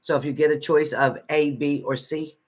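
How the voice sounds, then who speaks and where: A man's voice: on the high side, fairly even intonation, normal speed. A man giving live psychic readings to viewers from home in a chatty manner, repeating phrases and calling people by name. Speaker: psychic reader.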